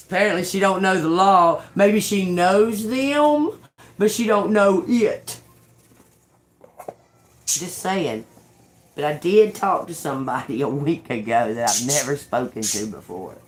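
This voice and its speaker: A woman tarot reader talks straight to her viewers in a loose, unscripted way. She swears freely, laughs often and tells her story with lively, animated energy. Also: fairly low pitch. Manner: addresses viewers as y'all. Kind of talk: casual tarot reading to camera.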